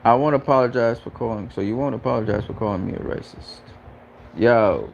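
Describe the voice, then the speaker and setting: Guy on a stream, gravelly kinda low voice, keeps repeating himself, lo-fi audio w faint hum behind. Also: fairly quick. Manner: earnest, repeats himself, stammering restarts. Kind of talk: casual live-stream chat. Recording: lo-fi, faint background ambience.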